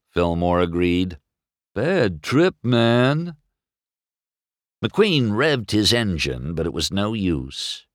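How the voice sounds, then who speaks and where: A man narrating a children's storybook aloud in an animated, expressive way. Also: low voice, no echo, clean studio sound.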